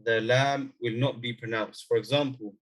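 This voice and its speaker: A man teaching an online Arabic lesson, explaining step by step and slowly repeating example words. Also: mid-range voice, steady tone.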